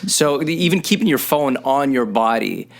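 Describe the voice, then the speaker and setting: A middle-aged man on a podcast, chatting casually, earnest and halting, often restarting his sentences. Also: mid-range voice, animated, gravelly.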